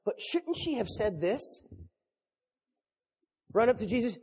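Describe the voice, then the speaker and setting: A middle-aged man preaching a sermon as a pastor, animated and joking, acting out scenes. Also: high voice, normal speed, slightly rough. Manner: animated, jokey preaching with acted-out dialogue. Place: church hall. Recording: long reverb of a large hall.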